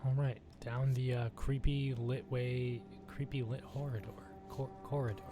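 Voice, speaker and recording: A man's voice: mid-range voice, flat delivery, a little slow, over music. A man streaming a video game, reading in-game documents aloud and swearing at the action, sometimes dropping to a whisper. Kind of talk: casual gameplay commentary. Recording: noisy stream with game ambience.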